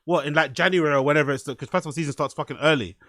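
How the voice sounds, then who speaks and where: A man's voice: on the high side, racing, fairly bright tone, no room sound. A man hosting a podcast, giving loose, profane, rambling commentary and often asking "you know what I mean". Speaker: podcast host. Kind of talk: casual commentary.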